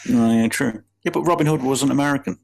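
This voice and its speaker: A man's voice: medium pitch, fast talker, creaky, rough recording. A British man as a podcast guest, teasing and sarcastic in casual banter and swearing a lot.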